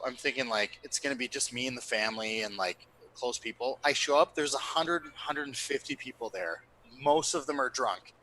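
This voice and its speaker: A young man casually telling a long anecdote over a remote call, animated and profane, often tagging on "right?". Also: medium pitch, poor audio. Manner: animated, profane, with frequent tag questions.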